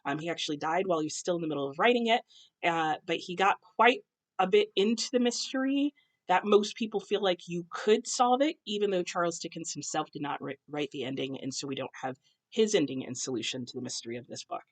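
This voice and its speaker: Chatting casually to camera from home, this young American woman discusses books as her husband cooks in the background. She speaks a little fast in a lowish voice, often saying um and correcting herself.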